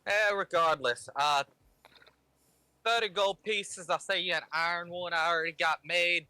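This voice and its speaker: A man voicing a blunt male dwarf blacksmith with a gruff country accent. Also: high-pitched, steady tone, measured pace, bright, forceful tone, no echo, exaggerated voice.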